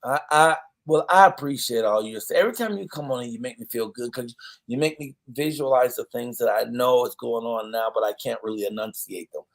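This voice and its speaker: A man's voice: medium pitch, brisk. Playful male talk-show host. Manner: playful, animated banter. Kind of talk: casual chat.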